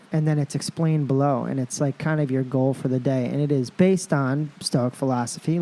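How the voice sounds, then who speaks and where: A man's voice: mid-range voice, dark tone. A man, a podcast guest who rambles, laughs easily and stays upbeat. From New York City. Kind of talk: casual conversation.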